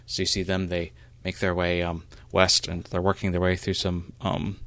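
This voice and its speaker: Deep-voiced guy running a roleplay, lots of ums and uhs, super dry close sound. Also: completely flat delivery, a bit bright, dry recording. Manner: halting, many fillers. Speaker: game master. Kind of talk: narrating a role-play.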